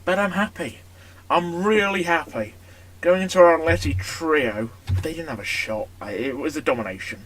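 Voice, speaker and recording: Male gaming YouTuber with a high voice, chatty match commentary that spikes into shouting. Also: moderate pace. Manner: chatty, erupts into excited shouting at big moments. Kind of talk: casual commentary over a football management game.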